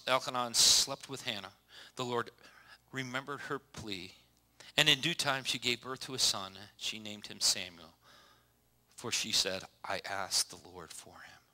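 A man's voice: mid-range voice, bright, forceful tone. A man preaching a casual sermon, folksy and joking, reading Bible passages with small slips and restarts. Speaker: pastor.

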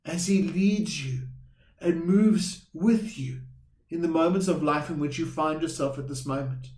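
A man's voice: a little high, a little slow, a little mellow. Earnest male pastor preaching in an echoey room. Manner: earnest, repeats words, calls listeners friends. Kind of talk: sermon.

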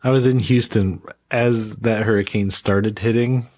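A man's voice: lowish voice, steady tone, a little slow, darkish tone. A man co-hosting a casual beer podcast, telling a story in a rambling way with restarts. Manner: rambling, many restarts and fillers. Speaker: podcast co-host.

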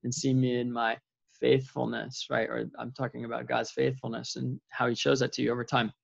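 A man with a gravelly, mid-pitched voice talks through his thoughts in an earnest, meandering way, circling back and restarting often. The recording is dry and close, with a slightly muffled tone. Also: flat delivery, brisk, no room sound. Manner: earnest, rambling, with many restarts and fillers. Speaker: vlogger sharing faith reflections. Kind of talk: casual spoken reflection.

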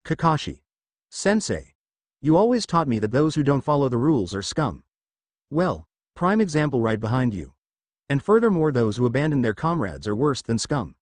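A man's voice: medium pitch, big pitch swings, moderate pace, no room sound. A man doing Naruto, a ranting teen ninja. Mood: furious. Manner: shouting, ranting. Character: angry defiant teenage boy ninja.

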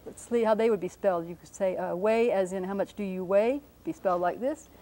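A woman lectures on speech sounds in a patient, explanatory way, pausing with ums and correcting herself as she writes examples. Her voice is mellow and warm, at an ordinary pitch for a woman. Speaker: linguist lecturer. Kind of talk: radio lecture with whiteboard demonstration.

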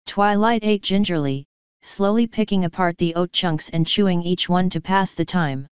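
A woman reading fan fiction aloud in a measured, even storybook narration. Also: fairly low pitch, smooth, dry recording. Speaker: fanfiction reader. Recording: dull lo-fi dry recording.

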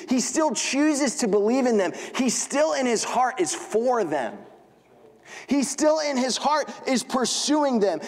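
Young man preaching in a reverberant church. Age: young adult. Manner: conversational preaching, frequent "right?" asides; pitch drops low and slow for emphasis. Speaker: pastor. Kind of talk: sermon. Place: church sanctuary. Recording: long hall reverb.

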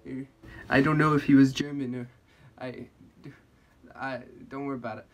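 A man's voice: fairly even intonation, moderate pace, recorded from a distance, close to an everyday voice. A man voicing a furious, entitled male customer with a made-up Swedish accent, whiny and indignant. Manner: whiny, indignant, high-pitched.

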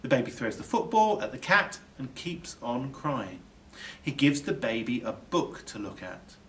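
A male teacher reading a children's picture book aloud with expressive storytelling and dramatic drops. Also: mid-range voice, measured pace, recorded from a distance.

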